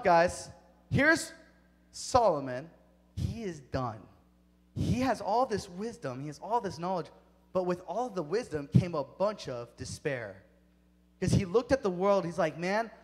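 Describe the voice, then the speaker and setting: A man preaching a sermon to a youth group, energetic and emphatic, speaking straight to the kids. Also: high voice. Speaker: youth pastor. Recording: long hall reverb.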